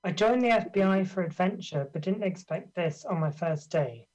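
A man's voice: high-pitched, animated, normal speed, darkish tone. A man reading the part of a young rookie FBI agent out of his depth, in a plain, earnest delivery. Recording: dull lo-fi call audio.

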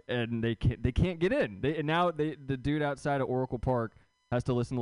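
A man's voice: medium pitch, animated, a little fast, darkish tone, dry recording. A young man doing a stand-up comedy set, rambling and self-deprecating, stumbling over his words.

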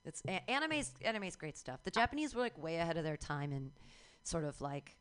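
A woman's voice: lowish voice, big pitch swings, a little fast, fairly bright tone, smooth. A woman co-hosting a casual radio talk show, joking playfully and acting out little voices. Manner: playful, jokey, acts out voices. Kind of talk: casual chat. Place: radio studio.

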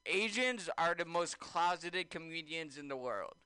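A man's voice: on the high side, animated, measured pace, sharp tone, clear, resonant tone, dry recording. A man co-hosting a casual radio chat, cracking jokes. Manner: wisecracking.

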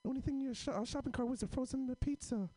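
A man's voice: very high-pitched, racing, voice pushed up. A man doing a nosy little schoolboy. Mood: deadpan, nosy. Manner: flat deadpan, overly detailed. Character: nosy, observant little schoolboy, first grader.

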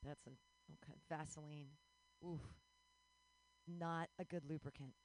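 A woman's voice: low-pitched, steady tone, unhurried, low-quality recording. A woman in her forties doing a bawdy, self-mocking stand-up set, breaking into squealing voices. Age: 40s. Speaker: stand-up comedian.

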